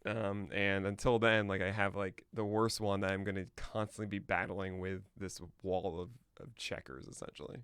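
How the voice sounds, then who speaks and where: A man's voice: deep voice, little pitch movement, normal speed, few pauses, fairly bright tone, smooth, dry recording, studio quality. A man hosting a podcast livestream, chatting casually and thinking aloud with mumbled asides while he checks notes. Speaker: podcast host. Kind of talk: casual livestream chat before a show.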